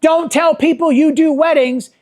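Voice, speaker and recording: Speaking at a normal speed in an extremely high-pitched voice, a middle-aged photography workshop leader fills his talk with anecdotes. He tells them with animation, performing the voices of those he quotes.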